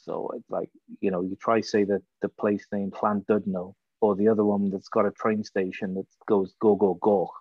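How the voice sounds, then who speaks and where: A man's voice: lowish voice, level tone, moderate pace, hardly any pauses, no echo, lo-fi sound. A man with a Welsh accent, chatting casually as a guest and telling stories with plenty of swearing. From Wales. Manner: laid-back storyteller who swears freely. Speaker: podcast guest, former hockey player. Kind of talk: casual chat.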